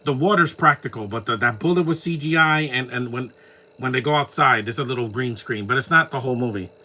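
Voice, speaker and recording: Bright-voiced New York man riffing on a movie. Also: mid-range voice, a little fast. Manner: laughing, joking reactions. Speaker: movie watch-along commentator. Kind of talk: casual live movie commentary.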